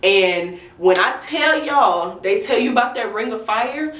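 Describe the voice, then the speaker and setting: A woman's voice: on the high side, animated, measured pace, fairly bright tone. A young woman telling a candid, chatty storytime to her viewers. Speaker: vlogger. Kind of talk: storytime vlog. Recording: roomy echo, mic at a distance.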